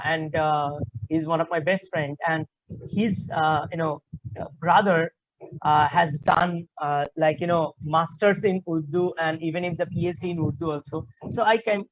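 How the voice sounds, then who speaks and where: Woman halting Bengali-accented English trainer. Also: low-pitched, dry recording, low-quality recording. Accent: Indian English. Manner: halting, many fillers like "uh" and "you know". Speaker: communication skills trainer. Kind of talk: online class lecture. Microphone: video call.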